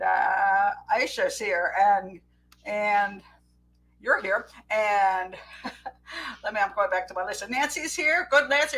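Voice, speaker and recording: A woman's voice: mid-range voice, a bit bright, slight background noise, poor audio. A middle-aged woman, a criminal profiler, hosting a casual live call-in show, rambling and breaking into giggles as she corrects herself. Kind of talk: casual live-stream chat.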